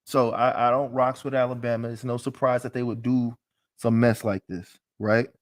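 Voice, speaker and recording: A man's voice: medium pitch, flat delivery, moderate pace. A man teaching a live class in a casual, emphatic, joking way, with frequent restarts.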